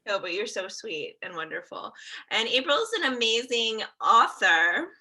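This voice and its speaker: Chatty bright-voiced woman hosting. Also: mid-range voice, lively intonation, measured pace, low-quality recording. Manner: chatty, laughs often, upbeat. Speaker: host. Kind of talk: casual live interview chat.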